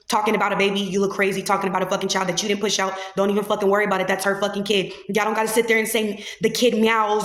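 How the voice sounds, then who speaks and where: A woman host, giving blunt, profane, heated reaction commentary in a casual podcast. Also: medium pitch. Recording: echoey room.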